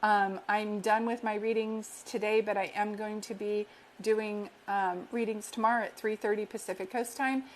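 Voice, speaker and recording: Her delivery is flat and her pitch medium as this woman, a psychic medium, gives a reading on a live stream at normal speed with slight background noise. Still, she's affectionate and reassuring, calling listeners sweetheart and earnestly repeating affirmations.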